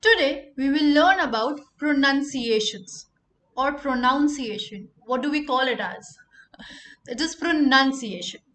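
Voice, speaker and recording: A woman teaching pronunciation, repeating each word slowly for emphasis. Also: sits high, animated, fairly bright tone, soft background music. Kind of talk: pronunciation lesson.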